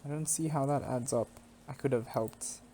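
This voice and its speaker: A man's voice: mid-range voice, moderate pace, mellow, a little hiss or hum, close to an everyday voice. A man reading the lines of a distraught young woman who accuses her small town, in an angry, heavy-hearted manner. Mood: remorseful. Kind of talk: reading game dialogue aloud.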